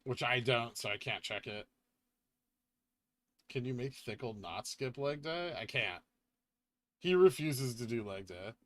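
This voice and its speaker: A man's voice: mid-range voice, animated, unhurried, long pauses, a bit bright, no room sound. A man hosting a casual livestream, reading viewer questions aloud and answering them, saying he is getting tired. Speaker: livestream host reading chat.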